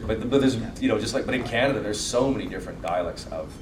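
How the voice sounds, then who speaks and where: A man's voice: fairly low pitch, fast talker. A man, an actor, chatting casually and jokingly as a panel guest and answering fan questions. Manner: joking, animated, does accent impressions. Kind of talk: casual storytelling Q&A. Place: large convention hall. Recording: echoey hall, distant mic, noise.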